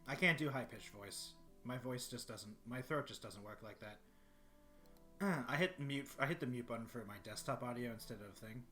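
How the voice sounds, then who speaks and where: Deep-voiced man rambling on stream. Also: normal speed, bright, forceful tone, soft background music. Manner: rambling, clears throat often. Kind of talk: casual livestream chat. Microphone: desktop microphone.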